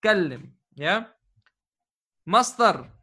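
High, bright-voiced male grammar teacher. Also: animated, breathy edge. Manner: patient, quizzing students with frequent checks and praise; slows down to dictate key terms. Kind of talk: classroom grammar lesson.

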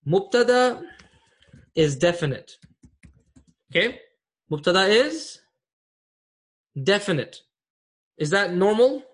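A man with a high voice teaches an online grammar class. He speaks patiently, repeats key terms and often checks that his students follow. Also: sing-song, slow pace, long pauses.

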